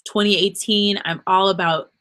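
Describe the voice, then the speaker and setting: An earnest woman gives an unscripted motivational talk, rambling and encouraging. She sounds emotional and close to tears, and her voice sits at a middle pitch. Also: fairly even intonation, normal speed, a bit bright. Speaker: podcast host.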